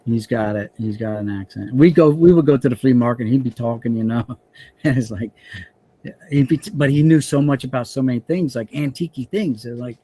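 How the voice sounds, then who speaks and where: A man's voice: medium pitch, brisk, dark tone, breathy edge. A man hosting a casual stream chat, telling rambling stories with many restarts.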